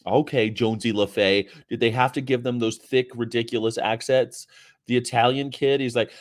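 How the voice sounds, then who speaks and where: Male streamer host, mid-pitched, chatty and profane, off the cuff. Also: animated, fairly quick. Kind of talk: casual livestream chat.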